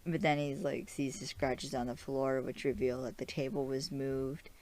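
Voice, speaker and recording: Woman, young, podcast host, casual recap, low voice, mellow tone, chatty and rambling. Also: level tone, normal speed. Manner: chatty, rambling, with frequent "like" and restarts.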